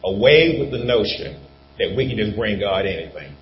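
A man's voice: fairly low pitch, expressive, normal speed, highs cut off, a little hiss or hum. A man preaching as pastor, stressing each point and repeating key phrases. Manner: emphatic, repeats his points. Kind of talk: sermon.

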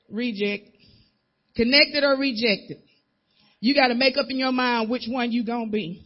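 A woman's voice: a little high, measured pace, long pauses. Woman minister preaching, muffled recording. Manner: emphatic, repetitive, acts out voices in casual dialect. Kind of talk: sermon.

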